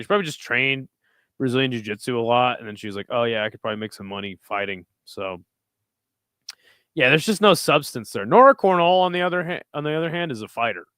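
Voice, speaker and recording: A man's voice: mid-range voice, sharp tone, clean tone, dry recording. A man hosting a casual livestream of fight picks, reading live chat and talking in a loose, rambling, profane way.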